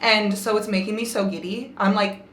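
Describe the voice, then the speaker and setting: A young woman talking to her camera at home, gushing over the books she is reading. She laughs a lot and swears casually, and her voice sits in an ordinary middle pitch. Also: fairly even intonation, normal speed, a bit bright. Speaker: book vlogger. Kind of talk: casual reading vlog chat. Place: home, bathroom while doing makeup.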